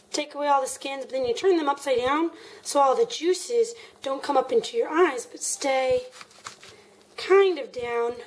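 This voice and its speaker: A woman's voice: high voice, a little hiss or hum, poor audio. A woman hosting a home cooking video, chatting playfully with jokey asides while she chops and stirs in her kitchen. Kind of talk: casual cooking demo.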